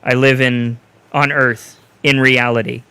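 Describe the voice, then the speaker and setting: A man's voice: medium pitch, little pitch movement, unhurried, bright, forceful tone, clean tone, no room sound. A man co-hosting a podcast in casual chat, ranting bluntly and swearing freely. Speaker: podcast co-host.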